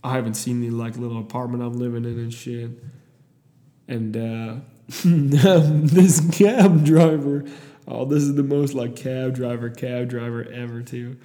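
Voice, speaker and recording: A man's voice: mid-range voice, completely flat delivery, normal speed, dark tone, big-room sound. A young man from Iowa telling a story in a casual, rambling, profane way, with many restarts.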